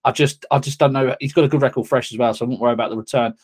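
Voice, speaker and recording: A man talks through his racing picks in a relaxed podcast chat. He hesitates often, restarting his sentences. His voice sits in an ordinary middle pitch. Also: very fast. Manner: hesitant, many restarts and fillers. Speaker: racing tipster.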